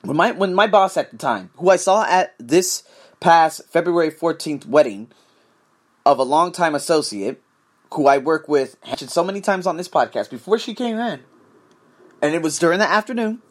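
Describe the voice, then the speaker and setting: A man's voice: on the high side, lively intonation, moderate pace. A man hosting his own podcast, ranting in a profane, emphatic solo monologue. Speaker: podcast host.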